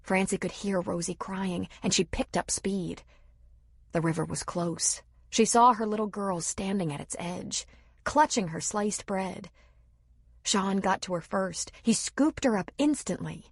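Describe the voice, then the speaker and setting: A woman reading a novel aloud in steady, measured scripted narration. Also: medium pitch, slightly rough, dry recording, clean studio sound. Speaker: audiobook narrator.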